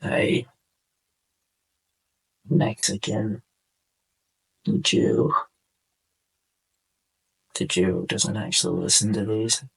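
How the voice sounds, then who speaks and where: A young man hosting a casual podcast, speaking in a subdued, halting way with a sore throat, as if on the verge of tears. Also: lowish voice, level tone, creaky, breathy edge, low-quality recording. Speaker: podcast host. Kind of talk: casual personal monologue over gameplay.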